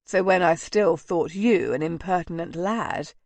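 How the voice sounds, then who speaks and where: Tender gentleman marquis, hushed and intimate, voiced by a woman narrator; unhurried, dry sound. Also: no echo. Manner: low, murmuring, intimate. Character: tender, ardent gentleman marquis, soft-spoken.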